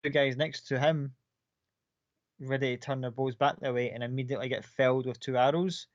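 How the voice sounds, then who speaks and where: A man's voice: mid-range voice, fairly even intonation, brisk, no room sound, highs cut off. A man running a tabletop game as game master, narrating scenes casually and with some swearing.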